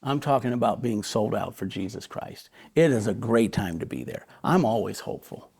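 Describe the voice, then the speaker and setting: A man's voice: fairly low pitch, normal speed, vocal fry, darkish tone, slightly rough. A man, a pastor, speaking with energy and emphasis in a live interview, often repeating words as he builds his point. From Chicago area.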